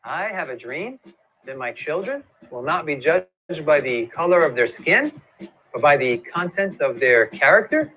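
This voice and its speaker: A man's voice: a little high, sing-song, a little slow, sharp tone, slight background noise, rough recording. Upbeat male communication coach. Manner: upbeat, direct, punchy delivery. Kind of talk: scripted online video talk.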